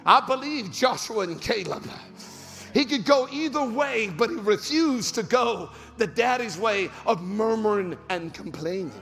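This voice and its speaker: A male pastor preaching a sermon in a large church, breaking into shouted, rising bursts. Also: high voice, animated, measured pace. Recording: reverberant church hall with music.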